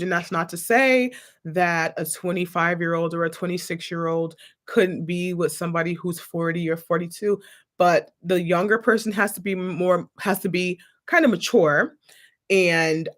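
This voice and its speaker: Sassy animated woman vlog host. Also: on the low side. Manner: animated, sassy, laughs often. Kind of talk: casual chat to camera.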